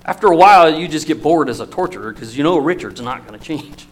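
A man preaching a sermon, telling stories in an emotional, storytelling manner with lively swings in loudness. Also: on the high side, fast talker, a little hiss or hum, rough recording.

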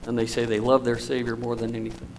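A man preaching a sermon, telling stories in an emotional, storytelling manner with lively swings in loudness. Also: medium pitch, fast, slight background noise, poor audio.

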